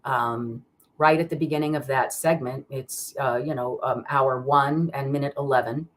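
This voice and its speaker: A woman's voice: rumbling low, steady tone, normal speed, slight background noise. A woman hosting a live card-reading stream, talking in a rambling, chatty way with many fillers and restarts, greeting viewers by name. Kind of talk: casual live-stream chat.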